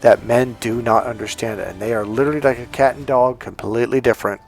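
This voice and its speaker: A man's voice: medium pitch, fairly even intonation, fast, creaky. A man who works as a dating coach tells a story in a casual monologue, emphatic and repeating key words.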